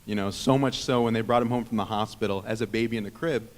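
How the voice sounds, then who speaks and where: A man's voice: fairly low pitch, steady tone, fast talker. Heartfelt man toasting in an echoing hall. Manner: heartfelt, rambling, self-teasing. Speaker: best man giving a wedding toast. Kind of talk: wedding speech. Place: wedding reception hall. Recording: long reverb of a reception hall.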